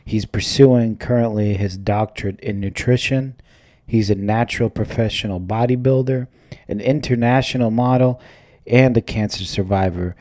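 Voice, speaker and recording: A man's voice: on the low side, normal speed, a little mellow, no room sound, clean studio sound. A man hosting a podcast, introducing a guest and asking questions with brief, friendly acknowledgements. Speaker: podcast host. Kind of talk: casual interview hosting.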